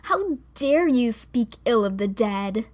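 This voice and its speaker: A woman's voice: on the high side, lively intonation, slow. Woman reading as a young heartbroken girl lashing out. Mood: angry. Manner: sharp, lashing out.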